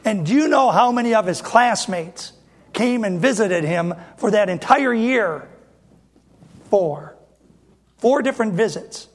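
A man's voice: sits high, expressive, unhurried. A middle-aged man preaching a sermon as an independent Baptist preacher, emphatic and repeating phrases as he speaks straight to the congregation.

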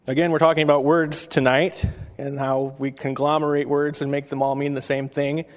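A man's voice: mid-range voice, flat delivery, moderate pace, big-room sound. A man preaching a sermon to his congregation in an easy, conversational way, reading Bible passages aloud between remarks. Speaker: pastor.

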